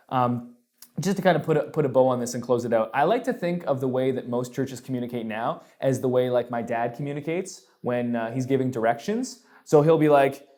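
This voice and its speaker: A man hosting a casual Q&A explainer show, talking in an energetic, animated and jokey way. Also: a little high. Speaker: show host answering viewer questions.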